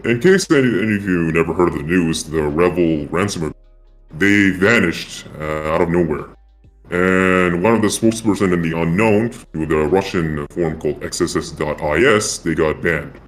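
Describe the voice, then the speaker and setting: A man's voice run through a voice changer, pushed very deep. He rambles casually over an online voice chat and circles back to repeat himself. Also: normal speed, faint music behind. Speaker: caller in a live voice chat. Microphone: online voice chat mic.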